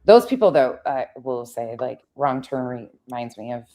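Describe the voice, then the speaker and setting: A woman's voice: a bass voice, lively intonation, normal speed, mellow. A woman hosting a casual livestream chat, blunt and teasing, swearing freely. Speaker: livestream host.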